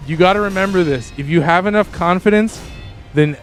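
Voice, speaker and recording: Male gaming streamer with a slightly high voice, loose and rambling, who chats with viewers and keeps jumping up in pitch when excited. Faint game music underneath. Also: fairly quick. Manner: rambling, with frequent restarts and sudden excited jumps in pitch. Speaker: livestreamer. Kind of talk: casual livestream chat with viewers while gaming.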